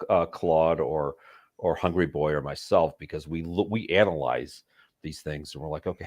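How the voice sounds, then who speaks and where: A man's voice: low-pitched, a little mellow. A man who is sick, chatting casually and thoughtfully about art with digressions. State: sick, rough voice. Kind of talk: casual chat.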